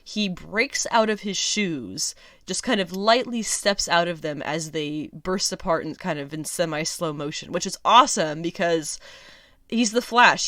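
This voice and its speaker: A woman hosting a casual solo review podcast, chatty and sarcastic, laughing often and filling pauses with ums. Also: on the low side, sharp tone, no room sound, clean studio sound. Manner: chatty, lots of ums and restarts. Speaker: podcast host.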